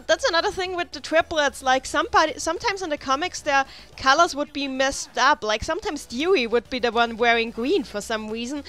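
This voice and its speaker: Chatty high-voiced woman playing a game. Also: pushed and bright. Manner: rambling, chatty, many restarts and asides. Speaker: let's play host. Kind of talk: casual gameplay commentary. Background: faint game music.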